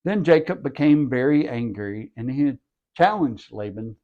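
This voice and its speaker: A man's voice: mid-range voice, lively intonation, unhurried, narrow, tinny audio. A man who hosts a podcast, reading a scripture passage aloud and breaking in with wry jokes. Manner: wry, joking asides. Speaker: scripture reader and podcast host. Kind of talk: bible reading with asides.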